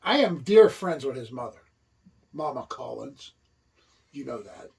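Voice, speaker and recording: A man's voice: medium pitch, sing-song, a little slow, creaky, a little mellow, breathy edge, far from the mic. A man co-hosting a wrestling talk show, teasing his partner with wisecracks and puns. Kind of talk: casual joking chat.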